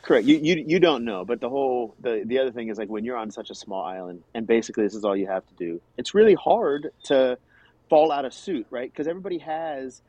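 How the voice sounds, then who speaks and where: A man's voice: medium pitch, fast talker, warm tone, dry recording, lo-fi sound. A man co-hosting a casual film discussion, earnest and repeating words as he builds his point. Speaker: podcast co-host discussing a film. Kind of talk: casual chat.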